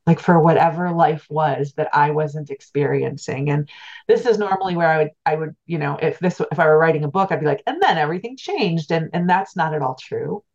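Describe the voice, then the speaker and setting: Brisk and a little mellow, this middle-aged woman's low voice carries an earnest, reflective personal story she tells as an interview guest. A spiritual teacher, she frequently restarts and repeats words, and the recording has a dull lo-fi quality.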